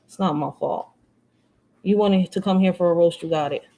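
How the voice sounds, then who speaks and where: A woman's voice: fairly low pitch, normal speed, warm tone. Blunt, profane woman from Philly. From Philadelphia. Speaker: live-stream panelist. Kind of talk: heated live-stream rant.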